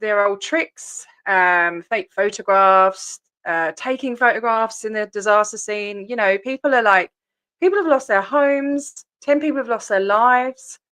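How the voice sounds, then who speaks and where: A woman's voice: mid-range voice, a little slow, fairly bright tone, clear, resonant tone. An Australian woman hosting a casual livestream, chatty and rambling with frequent ums, greeting viewers while feeling a bit sick. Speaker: livestream host.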